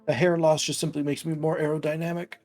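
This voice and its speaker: A man's voice: on the high side, little pitch movement, fast talker, a little mellow, faint music behind. A man streaming a puzzle game in playful, teasing casual chat who laughs easily.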